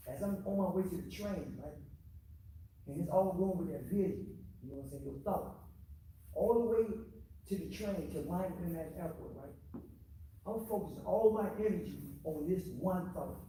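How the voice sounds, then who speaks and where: A man telling his story to a men's circle in casual, animated street talk, repeating phrases for emphasis. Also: high-pitched, moderate pace, long pauses, a little hiss or hum. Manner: animated, repetitive, street slang. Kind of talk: casual testimony. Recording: echoey room from far off.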